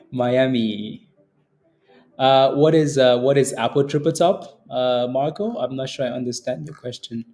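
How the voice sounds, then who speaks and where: Speaking slowly in a dark, mid-range voice, a young man hosting a stock trading livestream reads the chat. He is casual and teasing, laughing often and repeating phrases.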